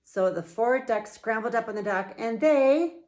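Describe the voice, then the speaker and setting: A middle-aged woman and children's author reading her picture book aloud, with slow, playful, expressive storytelling. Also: on the high side.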